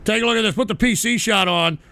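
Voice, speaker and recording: A man hosting a live-streamed political talk show, cursing and ranting at chat trolls, jumping between shouts and low grumbles. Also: fast, no echo.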